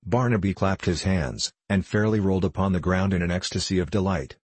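Deep husky male audiobook narrator. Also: brisk, no room sound. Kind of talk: audiobook narration of a classic novel.

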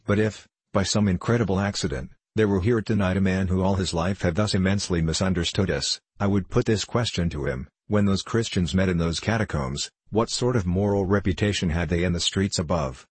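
A man voicing a low, penetrating anarchist orator. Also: fairly quick, few pauses, slightly rough, dry recording. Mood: impassioned. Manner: rhetorical, declaiming. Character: impassioned young male anarchist orator. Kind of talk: audiobook character voice.

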